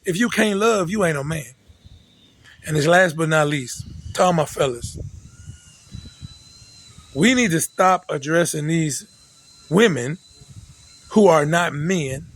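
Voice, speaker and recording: Emphatic preachy man, high-ish voice. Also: lively intonation, takes it slowly, long pauses, a little hiss or hum, poor audio. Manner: repetitive, emphatic, with frequent restarts. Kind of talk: preachy direct-address monologue.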